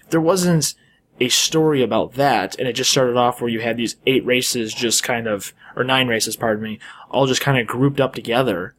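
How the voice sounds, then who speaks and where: Dude rambling on a gaming podcast, lots of you knows, mid-pitched voice. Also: male voice, moderate pace, a bit bright, a little hiss or hum. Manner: rambling, trails off, hedging with fillers. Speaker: podcast co-host. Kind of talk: casual gaming podcast chat.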